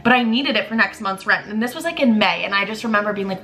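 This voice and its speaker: A woman in her twenties tells a raw, confessional story in a bright, forceful voice and swears freely along the way. Her tone is emotional and unguarded. Faint music sits quietly under her voice. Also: medium pitch, fast, hardly any pauses. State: tearful at times. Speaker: vlogger. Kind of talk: candid storytime vlog.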